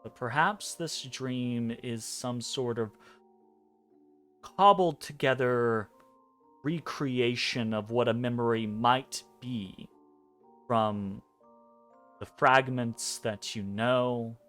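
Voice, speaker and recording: Soft music plays as a man in a mid-range voice narrates a dream scene as a tabletop game master. He speaks in a measured, hesitant way with pauses between phrases.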